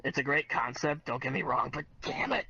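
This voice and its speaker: A man's voice: medium pitch, a little fast, vocal fry, crowd noise. A man co-hosting a podcast, making blunt, wry complaints in casual chat. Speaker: podcast co-host. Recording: dull lo-fi recording.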